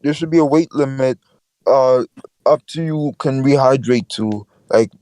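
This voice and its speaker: A man's voice: medium pitch, unhurried, dark tone, smooth, no room sound, low-quality recording. Insistent slangy man on a podcast. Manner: repeats himself, slangy, insistent. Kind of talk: casual boxing podcast chat.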